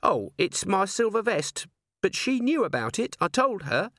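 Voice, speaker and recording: A man's voice: high-pitched, sing-song, a little slow, fairly bright tone, dry recording, studio quality, pitched above the performer's own voice, heavily acted. A man voicing a timid young female dwarf corporal in an audiobook, nervous and apologetic. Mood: flustered.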